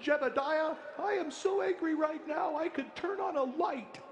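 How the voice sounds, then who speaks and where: A man voicing an indignant Amish man in a high, mocking comic voice. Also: normal speed, background noise. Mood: mock outrage.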